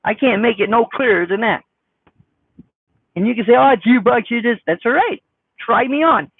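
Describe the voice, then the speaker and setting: A man with a squeaky voice, chatting casually on a live stream as he reads viewer comments, blunt, defensive and folksy. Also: animated, moderate pace, husky, dry recording. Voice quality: squeaky high voice. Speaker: trucker vlogger reading live chat. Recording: dry, phone-like sound.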